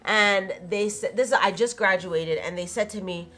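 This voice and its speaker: A woman's voice: mid-range voice, normal speed, hardly any pauses, fairly bright tone. A young adult woman hosting her own channel, talking casually to camera in a conversational, opinionated way and laughing easily. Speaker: vlogger, channel host.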